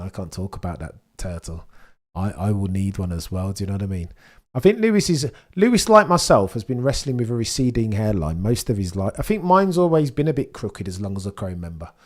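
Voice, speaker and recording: A man hosting a live stream before a race, chatting casually with viewers, with a stuffy nose as he recovers from illness. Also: lowish voice. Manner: chatty, banters with chat, bursts of excitement. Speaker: live-stream host reading chat.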